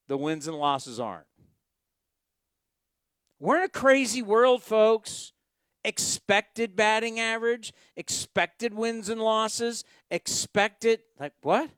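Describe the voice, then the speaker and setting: A man's voice: high voice, expressive, slow, fairly bright tone, smooth, no echo, studio quality. A man hosting a post-game radio sports talk show, ranting sarcastically with emphatic outbursts.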